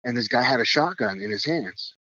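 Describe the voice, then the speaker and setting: A man's voice: medium pitch, animated, brisk, pushed and bright, husky, dry recording, lo-fi sound. Rambling man telling a wild story. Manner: rambling, full of fillers and restarts. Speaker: guest. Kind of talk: casual storytelling.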